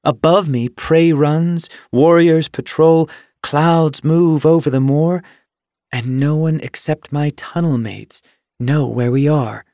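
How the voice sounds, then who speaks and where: A man's voice: medium pitch, a little slow, vocal fry, dark tone, dry recording, studio quality. A man voicing a small, friendly female cat in an audiobook, cheerful and encouraging. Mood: warm. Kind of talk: audiobook character voice.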